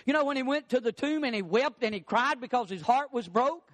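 A pastor with a very high voice delivers an emphatic sermon. He climbs on his questions and drops low and soft on key phrases. The sound is close and dry, with no room echo. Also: animated, fairly quick. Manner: emphatic preaching, rising on questions and dropping low on key words. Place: church.

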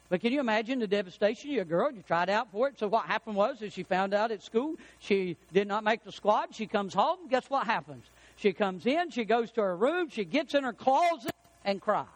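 A middle-aged preacher with a high-pitched voice. He tells homely stories in a relaxed, folksy way and builds to emphatic peaks to drive his points home. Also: low-quality recording. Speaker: pastor. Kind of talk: sermon.

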